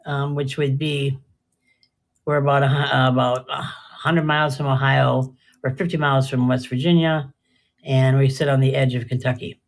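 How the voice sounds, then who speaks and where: An older woman chatting casually and rambling through a live jewelry sale, often trailing off mid-sentence. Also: low-pitched. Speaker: live-stream jewelry seller.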